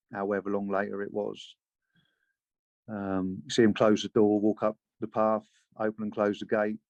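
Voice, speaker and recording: Male interview guest, measured and sober delivery, low voice, dry muffled recording. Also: gravelly, a little mellow, dry recording. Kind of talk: interview conversation. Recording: dull lo-fi sound.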